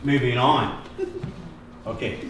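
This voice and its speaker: A man with a medium-pitched, fairly even voice speaks slowly while leading a hands-on group drum workshop. Encouraging, he asks the participants questions and praises them again and again. The recording is distant and echoey, with background noise.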